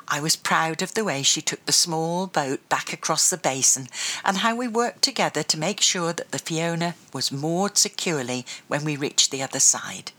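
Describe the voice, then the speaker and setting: A woman's voice: low voice, expressive, normal speed, bright, forceful tone. A woman reading a children's adventure storybook aloud, telling it expressively. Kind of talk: storybook narration.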